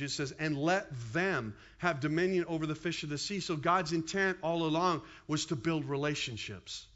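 A man in his fifties preaching a sermon as pastor, in an animated, conversational way with quick asides to the congregation. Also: on the high side, muffled recording.

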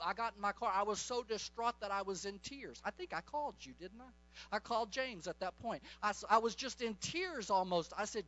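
A middle-aged male preacher delivering a charismatic sermon in a high voice. His tone is bright and sharp, fervent and commanding. The recording sounds dull and lo-fi. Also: fairly quick.

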